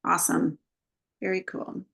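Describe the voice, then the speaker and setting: A woman hosting an online presentation in a relaxed, slightly halting way. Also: on the low side, vocal fry, husky. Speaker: host.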